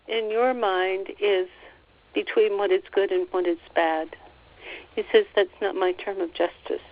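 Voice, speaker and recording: Soft-spoken woman on a dull call line. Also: mid-range voice. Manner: slow, soothing, repeats phrases, relays quotes. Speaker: spiritual channeler relaying messages. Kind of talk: channeled spiritual teaching on a call. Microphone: phone line on a teleconference call. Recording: slightly dull teleconference audio.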